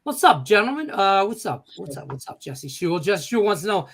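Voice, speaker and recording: A man's voice: high voice, very animated, a little fast, fairly bright tone, husky. A man hosting a sports betting show, joking and rambling as he reads viewer comments aloud. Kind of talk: casual sports betting chat.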